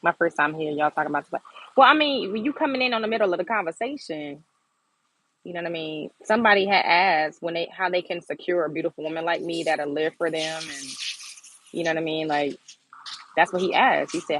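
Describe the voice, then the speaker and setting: A woman's voice: on the low side, quick pace, a bit bright, rough recording. A young woman chatting bluntly and playfully on a phone livestream from her garden. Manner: sassy, blunt, laughs often. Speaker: livestream host. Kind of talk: casual livestream chat. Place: outdoors in a garden.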